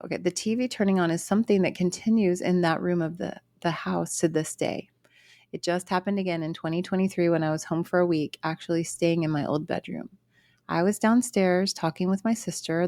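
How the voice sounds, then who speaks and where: A woman with a fairly low voice co-hosts a podcast, chatting casually and reading a listener's ghost story aloud. She reads earnestly and steadily, adding small asides. The sound is dry and close. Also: fairly even intonation, brisk, mellow, no room sound. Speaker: podcast co-host.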